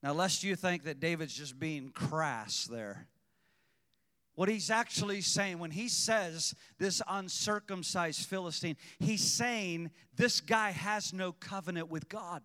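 Man, preacher, sermon, slightly high voice, animated delivery, long church-hall reverb. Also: slow. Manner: animated, shifting from quiet teaching to loud exhortation. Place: church sanctuary.

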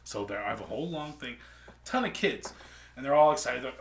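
A young man co-hosting a casual podcast, telling stories in a profane, animated way with big jumps in loudness. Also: mid-range voice, a little fast. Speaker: podcast co-host. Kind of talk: casual chat.

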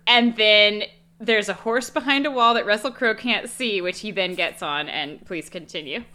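Woman, bright clear tone, sardonic, casual movie recap, swears. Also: mid-range voice, normal speed. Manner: sardonic, swears, laughs a lot. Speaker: podcast co-host.

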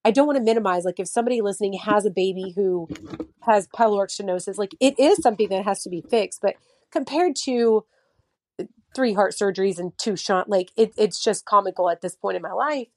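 A woman's voice: mid-range voice, fairly quick, no echo. A woman in her thirties in casual podcast chat, telling stories with many fillers and acting out what others said. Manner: chatty storyteller, many fillers, acts out quotes. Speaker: mother of a child with a heart condition.

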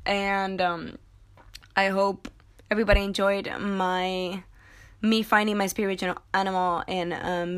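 A woman's voice: mid-range voice, fairly bright tone. A woman hosting a casual solo podcast, reading viewer comments aloud with sarcastic asides and frequent laughter. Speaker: podcast host.

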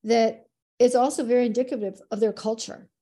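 A middle-aged woman, a dance teacher guesting on a podcast, telling stories in a lively, expressive way. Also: a little high, fairly quick. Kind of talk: casual podcast conversation.

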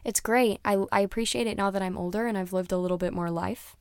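A woman's voice: medium pitch, fairly even intonation, fast talker, noisy background. A young woman chatting casually as a music reviewer, rambling and dropping into whispered asides. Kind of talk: casual chat.

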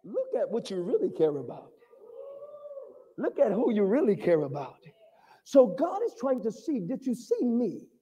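A man's voice: sits high, wildly swooping pitch, moderate pace, pauses often, warm tone, husky, lo-fi sound. A man preaching an impassioned sermon to a congregation, calling out for their responses. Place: church sanctuary. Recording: long reverb of a large hall.

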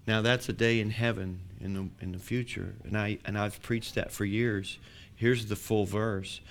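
A man's voice: on the low side, level tone, a little slow, vocal fry, a little hiss or hum. A man preaching a sermon as pastor, building to emphatic declarations.

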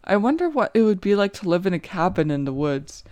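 A woman's voice: mid-range voice, big pitch swings, brisk, a little mellow, dry recording. A young woman reading her own short story aloud in the first person, with an earnest, emotional, inward delivery.

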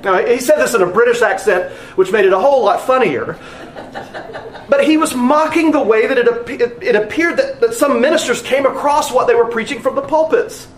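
A pastor preaching with a high voice that leaps up and down in pitch. He presses his points earnestly, repeating phrases for emphasis. His voice rings in a roomy, echoey sanctuary. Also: slight background noise. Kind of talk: sermon.

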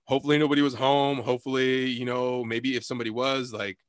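Speaking fast, a young man with a medium-pitched, clear and resonant voice animatedly recounts a story in a relaxed chat. He curses constantly and performs the lines he quotes, captured in studio quality with no echo.

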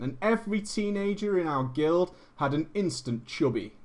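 A man casually telling a story to a live chat, animated and profane, laughing often and switching between loud bursts and muttered asides. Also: fairly high pitch, normal speed. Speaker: streamer telling a gaming story.

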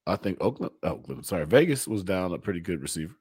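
A man's voice: low-pitched, very animated, fast talker, darkish tone, breathy edge. A man in casual sports banter, blunt and teasing, laughing often.

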